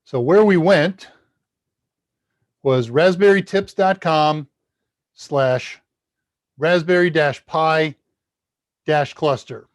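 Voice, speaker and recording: A man's voice: on the high side, takes it slowly, long pauses, no echo. A man hosting a live tech Q&A stream, chatting casually and rambling while he works at his computer, his level jumping as he leans toward and away from the mic. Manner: rambling, chatty, talks to chat while working. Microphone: desk mic at a computer, level jumps as he leans away.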